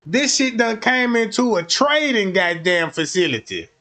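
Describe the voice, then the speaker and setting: A man streaming a comedic rant, telling profane, animated stories and acting out the scenes. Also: high-pitched, unhurried. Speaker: streamer commentator.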